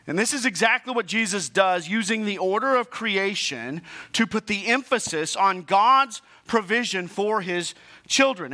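A man's voice: high-pitched, bright, forceful tone. A male pastor preaching a sermon in a conversational way, with joking asides and frequent restarts. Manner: conversational preaching with asides and self-deprecating humor; frequent restarts and repeated words.

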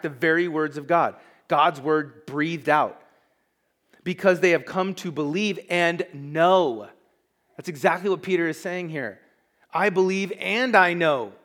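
A man's voice: on the high side, a bit bright. A man preaching a sermon as pastor, emphatic and conversational, with asides to the congregation.

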